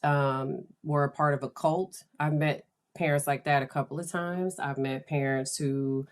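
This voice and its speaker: Woman podcast host, low voice, unhurried, chatty and enthusiastic. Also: steady tone. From United States. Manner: chatty, enthusiastic, laughs often. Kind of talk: casual podcast talk.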